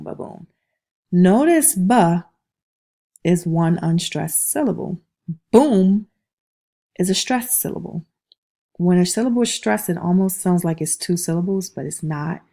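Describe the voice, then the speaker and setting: A woman teaches a class in a mellow, creaky voice that sits fairly low. She often pauses to ask "okay?" to confirm understanding, and she vocalizes rhythms by tapping them out.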